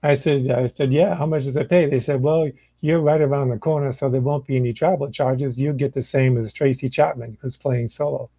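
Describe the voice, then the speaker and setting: Older man, gravelly voice, husky tone, relaxed storyteller, blues musician guest. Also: medium pitch, moderate pace, few pauses, no room sound, poor audio. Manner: relaxed storyteller who acts out dialogue. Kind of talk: telling stories in a casual chat. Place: indoor room.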